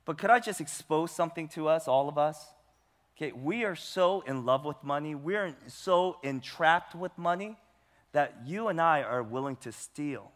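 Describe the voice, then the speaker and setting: A man's voice: a little high, animated, moderate pace, fairly bright tone. A male pastor preaching a sermon with emphasis, putting rhetorical questions to his congregation. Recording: long hall reverb.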